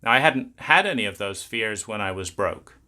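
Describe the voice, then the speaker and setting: A man's voice: lowish voice, expressive, normal speed, sharp tone. A man explaining trauma in a blunt, emphatic talk, swearing freely. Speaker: trauma educator.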